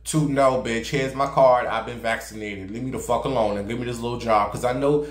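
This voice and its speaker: A man's voice: mid-range voice, fairly even intonation, brisk. A man giving sassy, profane gossip commentary and dramatic storytelling as a vlogger. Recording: roomy echo.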